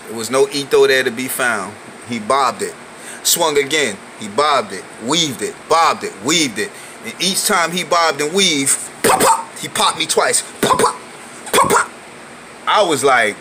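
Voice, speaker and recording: A middle-aged man talks straight to camera, animated and full of slang, acting out the other people's voices as he goes. His voice is bright and forceful. A faint hum of air conditioning and traffic sits behind him. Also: on the high side, normal speed, low-quality recording. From New York City. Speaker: vlogger telling a personal story. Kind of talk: casual storytelling to camera.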